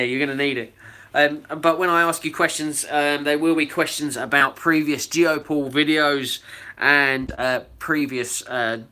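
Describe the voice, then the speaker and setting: A man's voice: mid-range voice, pushed and bright. A man hosting a casual live video hangout, chatting loosely with lots of fillers and reading out viewer comments. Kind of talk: casual live-stream chat.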